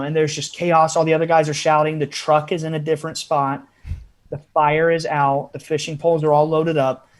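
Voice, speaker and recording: A man, a podcast guest, telling a long story in a casual interview style with frequent asides. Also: fairly high pitch.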